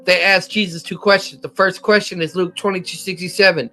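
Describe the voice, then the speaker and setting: Casting: American male Bible teacher, high and bright voice, methodical, faint music underneath. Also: fairly even intonation, fairly quick. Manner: methodical, cites chapter and verse, occasional slips. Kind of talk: scripture lesson.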